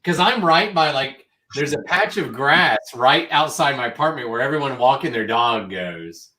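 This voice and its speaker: A man's voice: medium pitch, expressive, moderate pace, pushed and bright. A man co-hosting a casual live stream, chatty and rambling. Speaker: co-host of a reseller live show.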